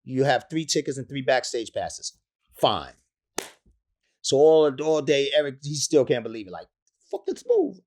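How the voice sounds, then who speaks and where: A man in his fifties, a rapper being interviewed, telling a long anecdote in casual slang. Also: mid-range voice. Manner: slangy, acts out other people's voices in quotes. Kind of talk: animated storytelling anecdote.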